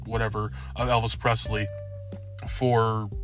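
A man's voice: fairly low pitch, flat delivery, measured pace, faint music behind. A young man chatting about a film with a friend, rambling with lots of fillers and swearing. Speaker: podcast co-host. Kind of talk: casual movie review chat.

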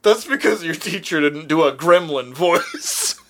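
A man's voice: a little high, lively intonation, unhurried, a bit bright. A man co-hosting a casual chat who jokes, laughs often and swears freely.

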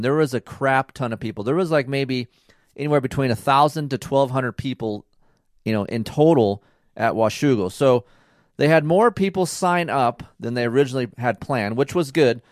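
Animated storytelling dad in a dry room. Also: male voice, mid-range voice, dry recording. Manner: animated, rambling, acts out dialogue, swears casually. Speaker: podcast host and racing dad. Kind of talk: casual storytelling chat.

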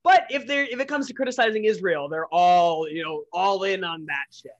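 Blunt, profane podcast host. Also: male voice, high voice, brisk, lo-fi sound. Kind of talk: casual podcast chat.

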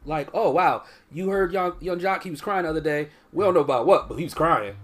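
A woman's voice: low voice, fairly quick. A woman co-hosting a podcast in casual chat, blunt and swearing freely. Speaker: podcast co-host.

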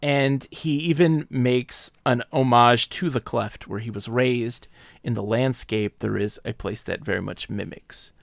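Animated man retelling a story. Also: medium pitch, vocal fry, no echo, clean studio sound. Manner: animated, slips into quick voices for characters. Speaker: podcast co-host. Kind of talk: casual book discussion, retelling a plot.

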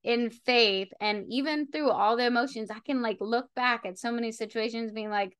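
Smooth-voiced encouraging woman host. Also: a little high, normal speed, few pauses, a bit bright. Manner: encouraging, asks open questions. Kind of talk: casual faith conversation.

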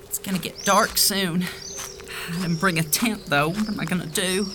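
A woman's voice: lowish voice, moderate pace, background noise, natural voice. A woman voicing a naive young small-town man who dreams of stardom, nervous and stammering. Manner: nervous, stammering, wide-eyed.

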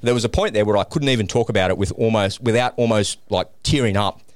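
Low-voiced man telling a personal story. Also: fast talker, dry recording. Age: middle-aged. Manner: animated, acts out the voices in his story. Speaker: podcast guest.

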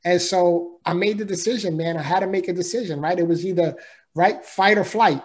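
A man's voice: high-pitched, brisk. A man telling a personal story as an interview guest, earnest and emphatic, in a casual way of talking.

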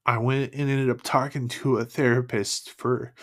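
A man sharing his personal faith testimony in an earnest, emotional, halting way. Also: medium pitch, little pitch movement, fairly bright tone.

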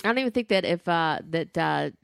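A woman chatting casually about TV shows, lively and blunt, acting out quotes in silly voices. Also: fairly low pitch, fairly quick, vocal fry, clear, resonant tone, no echo, studio quality. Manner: animated, swearing, acts out quotes in silly voices. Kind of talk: casual podcast chat about TV.

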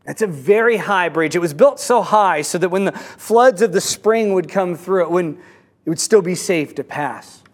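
A man telling a fable in a sermon, with a halting delivery full of repeated words and restarts. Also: on the high side.

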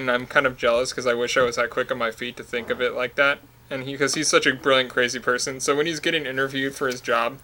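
A man co-hosting a casual movie podcast, halting and repeating himself. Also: mid-range voice, sharp tone. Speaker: podcast co-host.

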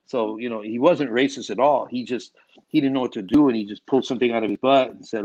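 A filmmaker guest chatting casually in an interview, rambling through animated stories with lots of restarts. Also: male voice, mid-range voice, quick pace, dull audio.

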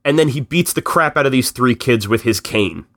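A man recapping a film in casual podcast chat, telling it in an animated way and slipping into quick voices for the characters. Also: medium pitch, no echo, studio quality.

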